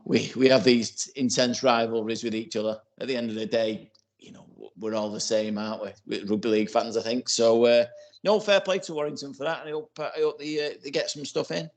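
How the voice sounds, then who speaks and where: A man in his forties co-hosting a casual podcast, rambling and filling his talk with "you know" and restarts. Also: mid-range voice. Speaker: podcast co-host.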